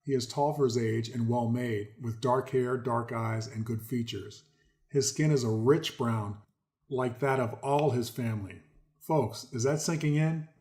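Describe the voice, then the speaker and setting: A man's voice: mid-range voice, steady tone, unhurried, darkish tone. A man hosting a commentary video, reading articles aloud and stressing key words, often speaking to viewers as folks. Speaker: host.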